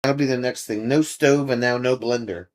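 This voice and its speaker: A man's voice: medium pitch, steady tone, moderate pace, darkish tone. A man hosting a casual livestream, chatting easygoing with viewers, reading their comments aloud and chuckling often. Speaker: livestream host. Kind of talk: casual chat with live viewers.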